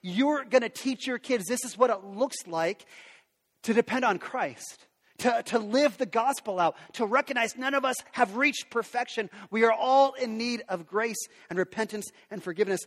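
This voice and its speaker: A man's voice: very high-pitched, moderate pace, fairly bright tone. A man preaching a sermon to parents in an earnest, conversational way. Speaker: pastor. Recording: long reverb of a large hall.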